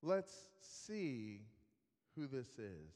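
A man voicing a calm, authoritative male teacher who gives soft, gentle commands, in a hall with a long reverb. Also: medium pitch, very slow, voice pushed down.

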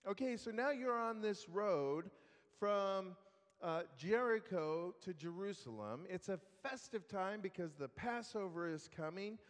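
A man's voice: high-pitched, lively intonation, measured pace. A man preaching a sermon, telling a story in a conversational way. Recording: long reverb of a hall.

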